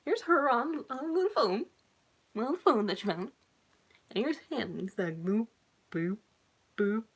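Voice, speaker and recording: A woman's voice: high voice, sing-song, measured pace, breathy edge, low-quality recording. A woman casually reading her own horror story aloud, giggling and breaking off to comment on it.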